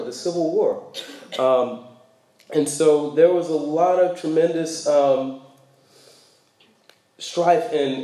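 Mellow-voiced man preaching conversationally. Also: medium pitch, reverberant, poor audio. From United States. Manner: conversational, frequent fillers, laughs while telling stories. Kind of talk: sermon talk.

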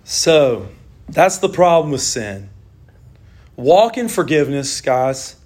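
A middle-aged man preaching a casual, animated sermon, joking and talking to his listeners like friends. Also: fairly high pitch, slow. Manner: animated, jokey, conversational with laughs and asides.

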